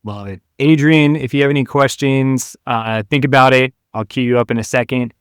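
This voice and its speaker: A man hosting an interview, quick with upbeat reactions and questions for his guest. His voice is smooth and resonant at a middle pitch. It is recorded dry, with no room echo. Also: steady tone. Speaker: interview host.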